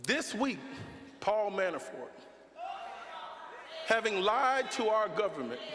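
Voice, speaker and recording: A man speaking from a pulpit-style stage in a preaching rhythm that climbs into shouted lines. His voice sits very high and sounds bright and forceful. Long reverb from the hall trails each phrase. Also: very animated, slow pace. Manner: preaching cadence, building to shouts. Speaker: speaker at a Saturday forum. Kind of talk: impassioned political speech. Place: large hall with a choir.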